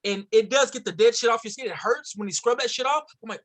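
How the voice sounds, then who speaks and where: A man's voice: extremely high pitch, expressive, fast talker, fairly bright tone. A man in casual chat, cracking crude, profane jokes and bantering loosely.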